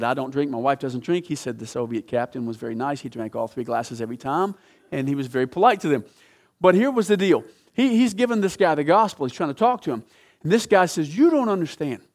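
A man preaches and tells a story, his voice sitting a little high for a man. He swings between loud, emphatic peaks and hushed, low-spoken passages. His delivery is dramatic and full of emphasis. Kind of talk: sermon storytelling.

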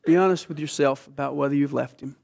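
A man preaching a sermon with emphasis, dropping from loud phrases to hushed whispers and asking the listeners questions like a teacher. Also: fairly high pitch, fairly even intonation, quick pace, gravelly.

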